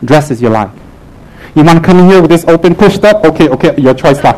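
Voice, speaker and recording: Male lama, slightly high voice, animated and joking, punchy repeated lines in a live talk. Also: fast talker, poor audio. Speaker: Buddhist lama teaching his group. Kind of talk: live humorous dharma talk to an audience.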